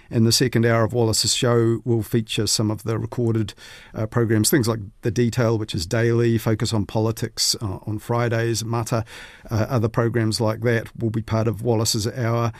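A man's voice: medium pitch, no echo. Man in a radio studio, dry close mic, casual commentator, wanders and restarts. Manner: chatty, rambling with fillers and restarts. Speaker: media commentator.

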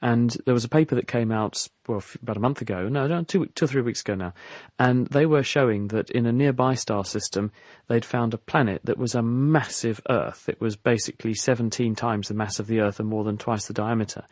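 A man explaining science to radio callers with eager, fluent enthusiasm. His voice sits at an everyday middle pitch. The sound is dry and close. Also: brisk, a little mellow, no room sound. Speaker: science expert on a call-in radio show.

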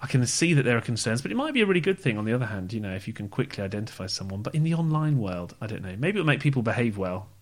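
A man's voice: mid-range voice, very animated, racing, hardly any pauses. A man co-hosting a podcast in casual, wry chat. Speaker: podcast co-host.

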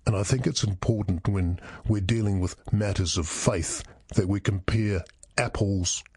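A man's voice: lowish voice, fairly even intonation, measured pace, darkish tone, breathy edge, no room sound, studio quality. A man playing a pompous, condescending talkback radio host in a comedy sketch.

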